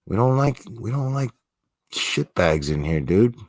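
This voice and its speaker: Chill guy streaming, swears a lot, kinda low voice, dry close sound. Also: sing-song, a little slow, a little mellow, no echo. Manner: profane, laid-back, slangy, talking to chat. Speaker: livestream host. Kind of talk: casual livestream chat.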